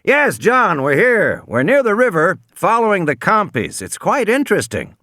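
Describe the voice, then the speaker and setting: A man voicing a calm, curious male scientist who speaks mildly and matter-of-factly. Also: sits high, normal speed, dry recording, studio quality, voice pushed up, full character voice. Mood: calm interest.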